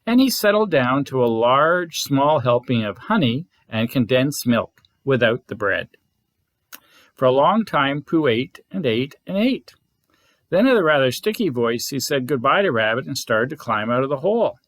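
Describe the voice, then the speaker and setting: Scout leader reading a bedtime story, gentle and expressive, lively pitch, dry close sound. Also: male voice, moderate pace, no echo.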